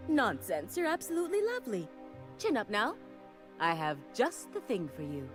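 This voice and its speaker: A woman's voice: a little high, wildly swooping pitch, normal speed, faint music behind. A woman voicing a flamboyant fashion designer in a video game, theatrical and doting, full of endearments. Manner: grandiose, theatrical, showering people with endearments. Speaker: game character.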